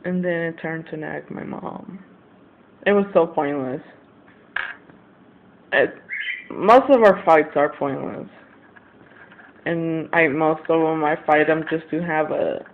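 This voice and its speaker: A man's voice: on the high side, takes it slowly, pauses often. A young man in his late teens talking to the camera in a rambling, frustrated way, venting about his family. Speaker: vlogger. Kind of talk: casual confessional vlog. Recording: tinny lo-fi webcam audio, faint hiss.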